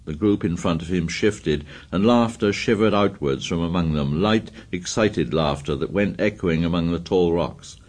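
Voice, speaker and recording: Low-voiced male audiobook narrator. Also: moderate pace, hardly any pauses. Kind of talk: scripted narration.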